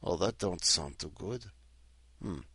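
He hosts as Count Dracula, the male vampire character, rambling jokily and punning through many fillers. His low voice is pushed, bright and husky, with lively intonation at a measured pace, in a dry, clean studio recording.

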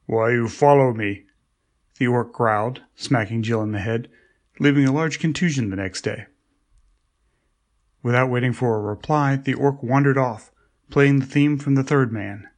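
A man reads his own short stories in a dry, wry manner. His voice sits in a middle pitch. He sounds like a regular contributor to a story show. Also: normal speed. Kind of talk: reading his own flash fiction.

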